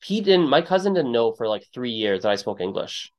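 A man hosting a podcast interview in a relaxed conversational way, telling stories and acting out what people said with sudden jumps in his voice. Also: a little fast. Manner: storytelling, acts out quotes with big pitch jumps. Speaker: podcast host.

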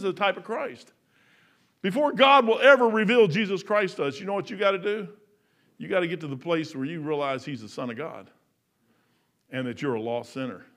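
A man in his fifties preaching a sermon, folksy and storytelling, acting out dialogue and swinging between loud emphasis and soft asides. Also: high voice. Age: 50s.

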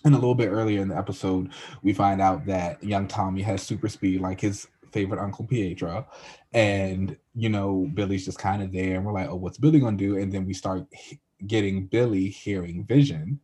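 A man's voice: sits low, steady tone, brisk, warm tone, slight background noise. A man co-hosting a casual TV recap, easygoing and agreeable, laughing often. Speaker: podcast co-host.

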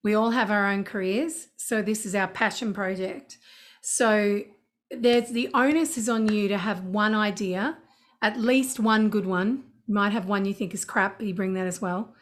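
A woman in middle age talks through her songwriting in a relaxed interview, her voice pitched in an ordinary middle range. She tells stories in a lively, chatty way, full of asides and restarts. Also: moderate pace. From Australia. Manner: chatty and animated, breaking into sung scat syllables. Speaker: songwriter guest. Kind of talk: casual interview chat.

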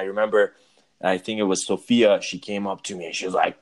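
A man, a musician being interviewed, telling a personal story in a casual, animated way and acting out his own reactions. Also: on the low side, fairly quick. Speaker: guest, musician.

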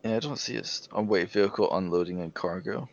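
A man's voice: low voice, a little fast, gravelly, muffled recording. A man playing a tabletop game in casual chat, puzzled and asking many questions. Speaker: player.

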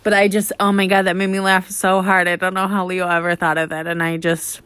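A young woman, a high school teacher, telling stories casually with lots of "like" and "um". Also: flat delivery, fairly quick, a bit bright, clear, resonant tone, no room sound. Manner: chatty, lots of "like" and "um". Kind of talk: casual storytelling.

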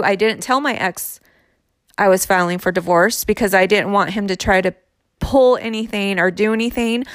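A woman's voice: mid-range voice, dry recording, clean studio sound. A woman in her thirties telling a personal story candidly, in a conversational way with frequent fillers.

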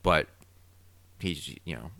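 Low-voiced man theorizing in a podcast. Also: slow pace, dry recording. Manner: opinionated, animated theorizing. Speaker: podcast co-host. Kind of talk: casual recap chat.

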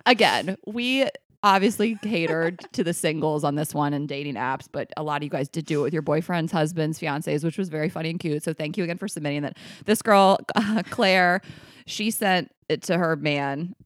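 A woman's voice: moderate pace, no room sound, studio quality. A woman co-hosting a podcast, reading listener messages aloud in casual chat and often breaking into laughter. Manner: giggly, breaks into high laughter. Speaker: podcast co-host.

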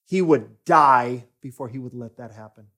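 A man preaching a sermon as pastor, deliberate and emphatic, rising for stress and sinking to near-whispers. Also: mid-range voice, a bit bright.

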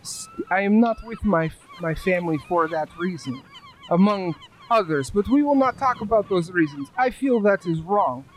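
A man voicing an earnest male cat-folk outcast who talks haltingly and drops little words. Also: high-pitched, animated, slight background noise, rough recording.

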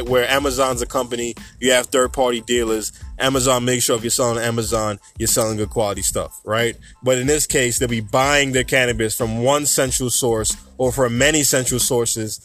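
A young man talks through a solo podcast in a loose, conversational way, drifting into asides as he goes. His voice sits at an ordinary middle pitch. Faint music plays underneath. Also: a bit bright. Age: young adult. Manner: casual, conversational, rambling with asides. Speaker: podcast host.

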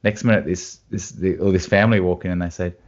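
A man's voice: sits low, fast. A man with an Australian accent, a guitarist telling stories and laughing in a casual chat. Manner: animated anecdotes with laughs. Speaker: guest guitarist. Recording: dull lo-fi sound.

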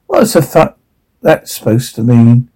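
A man's voice: mid-range voice, very animated, unhurried, dark tone, slightly rough, rough recording. A man reading the lines of an angry, swearing grown man in a drama. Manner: swearing, combative.

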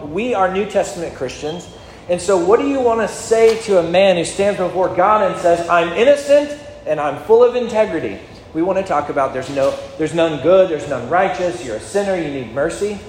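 A man's voice sits a little high for a man as he preaches, with long reverb trailing through a large hall. He talks to his listeners in a conversational way and keeps asking them questions, with a faint ambience behind him. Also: a little mellow, slight background noise. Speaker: pastor. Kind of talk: sermon.

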